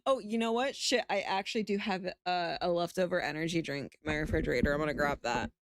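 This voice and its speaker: A woman's voice: lowish voice, fast talker, a little hiss or hum. A sleepy woman streaming from home, chatting casually, swearing freely and laughing often. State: sleepy, yawning. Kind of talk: casual chat.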